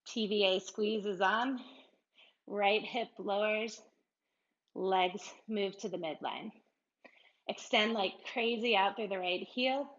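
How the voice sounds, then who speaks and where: A woman leads a yoga class with short, unhurried cues, her breath a little labored from moving along with the poses. She keeps a light, self-amused manner, laughing at herself between instructions. Her voice sits at an ordinary middle pitch, and the recording sounds slightly dull.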